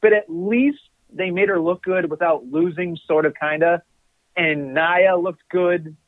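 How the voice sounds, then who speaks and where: A man's voice: sits high, unhurried, no room sound. A man co-hosting a podcast in casual chat, rambling and correcting himself as he gives his opinions. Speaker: podcast co-host. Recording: tinny phone-like line, dry.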